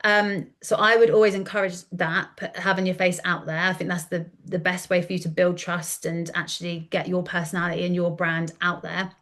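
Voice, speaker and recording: A woman in her thirties, a content coach talking in a casual podcast interview, chatty and animated, often acting out quoted dialogue. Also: fairly low pitch, brisk, hardly any pauses. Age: 30s.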